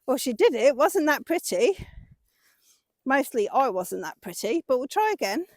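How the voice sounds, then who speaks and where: A woman's voice: high-pitched, very animated, moderate pace, no room sound. A woman hosting her own vlog, chatting casually and encouraging her horse as she works it outdoors. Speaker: horse owner and channel host. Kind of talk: casual vlog narration while working a horse.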